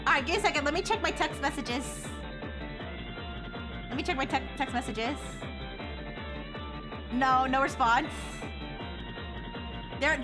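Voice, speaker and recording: A woman chats casually on a livestream in a high, bright voice, rambling and laughing often. She fills her sentences with "like", and music plays clearly behind her.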